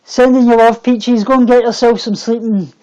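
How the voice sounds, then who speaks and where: A Scottish man hosting a casual livestream chat from home, warm and friendly, often repeating and restarting his words. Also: very high-pitched, flat delivery, normal speed, muffled recording. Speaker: livestream host. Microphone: computer mic on a livestream.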